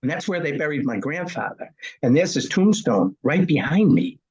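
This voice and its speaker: Husky punchy man in his sixties. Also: a little high, very animated, normal speed, darkish tone, lo-fi sound. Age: 60s. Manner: punchy storyteller who asks and answers his own questions. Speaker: guest. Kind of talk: storytelling interview.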